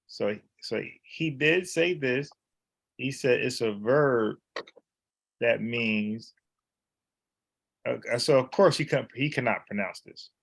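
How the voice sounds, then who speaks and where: A man's voice: mid-range voice, slow, gravelly, pauses often, fairly bright tone, slightly rough. A man teaching in a casual, conversational way, repeating words and explaining letters one by one. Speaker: Bible teacher.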